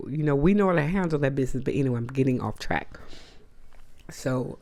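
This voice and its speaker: A woman's voice: extremely low pitch, a little fast, mellow. A woman hosting a casual monologue to camera, blunt and emphatic, with slangy asides. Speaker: host.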